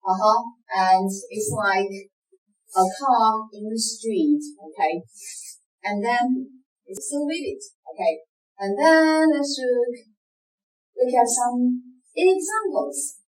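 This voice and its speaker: A woman's voice: a little high, darkish tone. A woman with a Chinese accent giving an online course lecture, explaining step by step with frequent okays and uh-huhs. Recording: echoey room sound.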